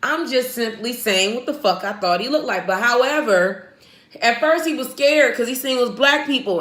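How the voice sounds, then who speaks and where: An American woman vlogger giving blunt, profane, animated commentary to her viewers. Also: fairly high pitch, moderate pace. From United States. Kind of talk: ranting commentary. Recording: echoey room.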